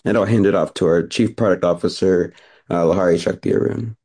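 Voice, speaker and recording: A young man with a hoarse voice reading a scripted company pitch over a video call. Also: fairly quick. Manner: steady, scripted delivery. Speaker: founder and CEO. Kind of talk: read pitch presentation.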